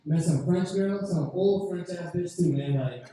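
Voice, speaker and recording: High, loose-talking comedian in echoey lounge. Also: male voice, measured pace, dark tone. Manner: loose, profane, rambling storytelling. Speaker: stand-up comedian at open mic. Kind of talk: storytelling stand-up set. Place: lounge open mic night. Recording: very echoey room from far off.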